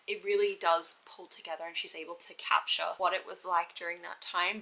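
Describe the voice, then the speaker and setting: A woman's voice: lowish voice, creaky, pushed and bright, low-quality recording. A young Australian woman chatting casually and gushing about books she has read, laughing often. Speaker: book vlogger. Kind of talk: casual chat.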